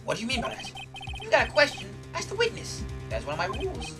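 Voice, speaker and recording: Brief: a cocky, drawling prosecutor, put on by a streamer, lively pitch. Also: quick pace. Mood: smug. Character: cocky male prosecutor, cool and smug. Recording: distant mic, loud game music.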